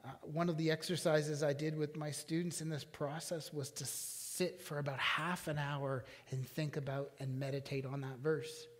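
Male pastor, thirties, chatty sermon to the room, slightly high voice, hall echo. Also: little pitch movement, normal speed, few pauses. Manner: conversational, asks the congregation questions. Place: church hall. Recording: long hall reverb.

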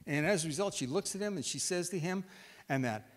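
A man preaching a sermon, retelling scripture in an animated storytelling way as if acting it out. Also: on the high side, fairly quick. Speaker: pastor. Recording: reverberant hall.

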